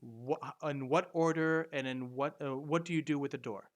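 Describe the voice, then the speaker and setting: A man narrating as game master, halting with many fillers and restarts. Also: fairly high pitch, fairly even intonation.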